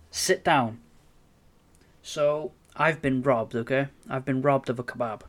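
Sweary, animated bloke. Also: male voice, medium pitch, a little slow. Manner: animated, sweary, self-mocking storyteller. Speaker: podcast co-host. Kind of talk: casual chat, storytelling.

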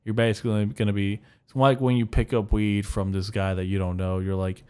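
A young man hosting a solo comedy podcast, rambling crudely and telling dark jokes deadpan. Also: fairly low pitch, brisk, few pauses, smooth. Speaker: podcast host.

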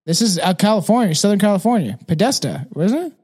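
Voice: mid-range voice, very animated, fairly quick, hardly any pauses, warm tone, breathy edge. Young adult podcast co-host, loose and profane, fumbles words while reading aloud, intoxicated. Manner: loose and profane, stumbles over names and words. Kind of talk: casual podcast chat, reading articles aloud.

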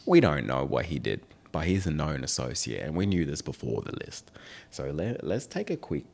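A man's voice: extremely low pitch, big pitch swings, moderate pace, creaky, darkish tone. A young man hosting a podcast, chatting casually in a rambling, joking, offhand way. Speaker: podcast host. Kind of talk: casual chat.

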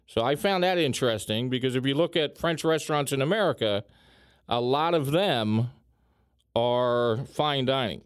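A man hosting a casual chat, talking in a chatty way with lively emphasis and frequent filler ums. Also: medium pitch, normal speed, smooth, no echo, studio quality.

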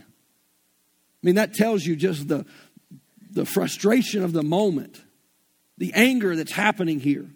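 A man's voice: high voice, unhurried, long pauses, slightly rough. A man with a Southern US accent preaching an earnest, folksy sermon and retelling scripture in everyday slang. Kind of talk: conversational sermon.

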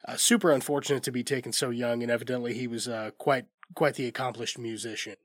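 A man's voice: mid-range voice, steady tone, quick pace, dry recording. A man hosting a movie news podcast from a studio, a bit congested from a cold, talking in a laid-back, rambling way. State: congested, under the weather. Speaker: podcast host. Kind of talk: casual movie news chat. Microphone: studio mic.

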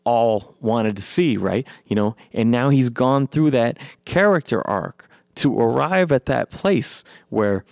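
A man excitedly recapping a film in a rambling, profane way, his voice worn from long talking. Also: medium pitch, takes it slowly, gravelly, hardly any pauses, no room sound, clean studio sound. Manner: enthusiastic, profane, rambling with many fillers. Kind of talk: excited movie recap monologue.

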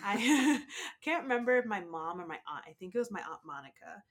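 A woman telling stories in a casual group chat, animated and laughing often. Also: medium pitch, fairly quick. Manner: animated storyteller, laughs often, acts out quotes.

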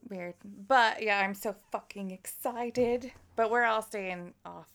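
Excitable, swearing woman podcast co-host. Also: medium pitch, slow pace. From Colorado, USA. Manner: excitable, swears freely, laughs often. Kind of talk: casual chat.

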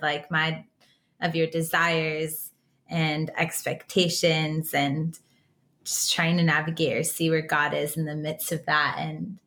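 A woman's voice: low-pitched, a bit bright. A woman co-hosting a faith podcast who speaks in a reflective, affirming way during casual chat. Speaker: podcast co-host.

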